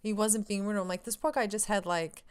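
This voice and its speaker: A woman vlogger telling a story in a casual, excitable, rambling way, full of fillers and acted-out lines of her own. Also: medium pitch, fairly quick, clean tone.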